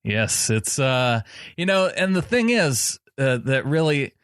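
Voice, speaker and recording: A man hosting a sports podcast talks in a halting way, often starting a sentence over and poking fun at himself. His voice sits in an ordinary middle pitch. It sounds dry and close to the mic. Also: sing-song, fairly bright tone, clear, resonant tone, dry recording. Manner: halting, restarts often, self-deprecating. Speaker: podcast host. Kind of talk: casual sports podcast chat.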